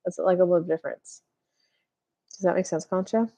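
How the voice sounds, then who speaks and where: A woman's voice: on the low side, brisk, gravelly, warm tone. Chatty woman reading tarot live. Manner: chatty, acts out little dialogues, lots of "like". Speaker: tarot reader.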